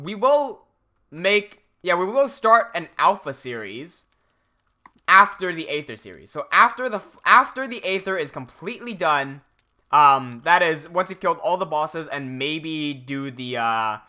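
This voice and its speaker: A man's voice: a little high, bright, forceful tone. A young man from Hong Kong with an American English accent, chatting casually on a livestream while reading out viewer comments. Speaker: streamer.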